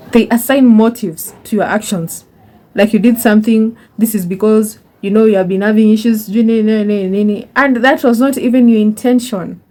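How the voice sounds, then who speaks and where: A woman's voice: mid-range voice, mellow. A young woman giving chatty advice to her viewers, repeating words for emphasis and calling them honey. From Kenya. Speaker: YouTuber. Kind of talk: casual advice monologue.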